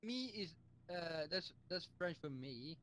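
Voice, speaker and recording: Hesitant young man, slightly high voice. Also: expressive, slow pace, bright, forceful tone. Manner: hesitant, stumbles over words. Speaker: podcast co-host. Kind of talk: casual chat while gaming.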